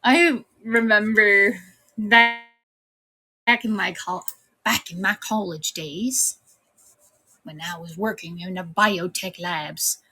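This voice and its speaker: This VTuber streamer, a woman in her thirties, is making her streaming debut with casual livestream chat and frequent laughter. She has a slight Irish tinge and a bright, medium-pitched voice with a forceful tone.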